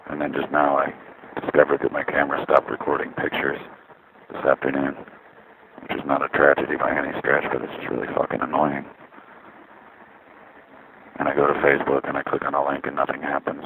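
A man's voice: a bass voice, completely flat delivery, brisk, gravelly, pauses often, background noise. A man ranting casually about things that don't work, swearing often in an exasperated way. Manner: profane, exasperated complaining. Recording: tinny lo-fi phone-like audio.

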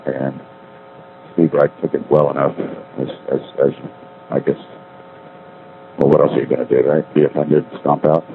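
Over a tinny payphone line with faint street noise, a middle-aged man leaves a spoken diary, wandering wryly from thought to thought and correcting himself. He has a bass voice with flat delivery, normal speed and long pauses.

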